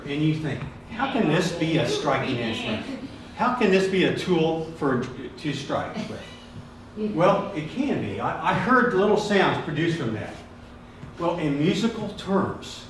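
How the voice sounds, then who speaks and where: A slightly high-voiced man runs a hands-on drum lesson, his pitch rising and falling a lot as he encourages the group. He sounds far from the mic. The room is echoey and there is steady background noise. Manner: encouraging, asks the group questions, repeats praise. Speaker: drum workshop leader.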